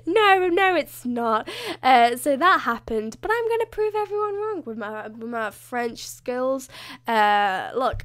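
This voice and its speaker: Chatty young woman, higher voice. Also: lively intonation, normal speed, a bit bright. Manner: rambling, chatty and self-mocking, with frequent laughs. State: voice slightly hoarse. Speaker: gaming YouTuber. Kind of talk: casual voiceover over a building game.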